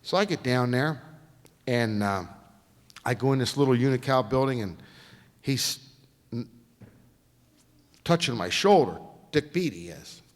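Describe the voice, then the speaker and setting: A man speaking as a guest lecturer, telling racing stories in a folksy, animated way and acting out the quotes in a lecture hall. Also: medium pitch, measured pace, long pauses. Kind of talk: storytelling lecture.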